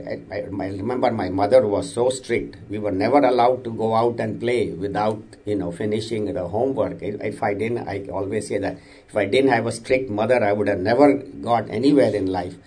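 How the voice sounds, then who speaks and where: Mellow-voiced man giving spiritual discourse. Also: fairly low pitch, a little fast. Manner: earnest, exhorting, with restarts and a told joke. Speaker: spiritual teacher. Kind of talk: religious discourse.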